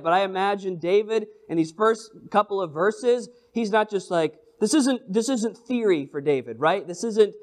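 A man with a notably high voice preaches a sermon. He moves between emphatic, rising calls and quiet, drawn-out readings of scripture. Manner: expressive preaching, swings from emphatic to hushed; reads scripture slowly in old-style wording.

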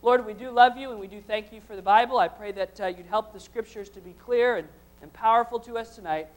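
A man's voice: high voice, a little fast. A man leading a church congregation, reading scripture aloud and then preaching with rising intensity. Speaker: pastor. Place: church service before a congregation.

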